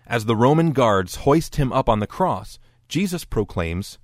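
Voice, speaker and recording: A man's voice: medium pitch, very animated, moderate pace, hardly any pauses, no room sound. A man giving scripted narration as a lecturer, explaining texts in a dry, wry tone and voicing quoted speech briefly.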